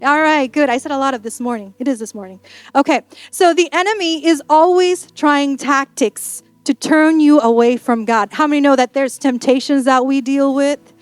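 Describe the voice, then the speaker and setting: A woman pastor preaching a sermon in a playful, animated storytelling manner. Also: sits high, normal speed, no echo. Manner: sassy and emphatic.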